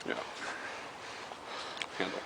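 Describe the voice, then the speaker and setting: In a vlog that moves from the woods to indoors at home, the vlogger's friend, a young man, rambles casually and is often a bit off the camera mic. He speaks extremely slowly in a bright, forceful voice, captured as rough camcorder audio with clear background noise.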